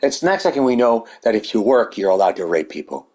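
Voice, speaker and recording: A man's voice: lowish voice, lively intonation, fast talker, darkish tone. A man delivering a rambling, heated monologue full of swearing. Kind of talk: ranting monologue.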